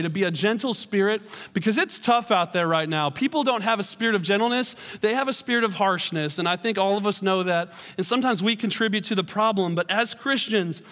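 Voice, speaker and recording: High-voiced man preaching in a big hall. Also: fairly bright tone. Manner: storytelling with self-deprecating humor. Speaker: pastor. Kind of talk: sermon. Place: church auditorium. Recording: long hall reverb.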